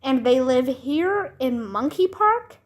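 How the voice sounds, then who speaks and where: A woman's voice: sits high, expressive, takes it slowly. A woman reading a skeptical sensible girl. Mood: doubtful. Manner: doubting, matter-of-fact. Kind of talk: children's book read-aloud.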